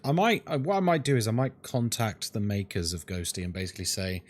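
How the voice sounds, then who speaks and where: A man with a fairly low voice talks a bit quickly, hardly pausing. Streaming a horror game, he chats with viewers in an animated, joking way, addressing the chat like friends.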